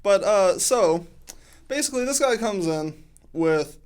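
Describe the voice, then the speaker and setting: A man's voice: high-pitched, expressive, a little slow, clean tone. A man in his twenties, a podcast guest, chatting casually and riffing on jokes. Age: 20s. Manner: joking, playful riffing. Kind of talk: casual chat.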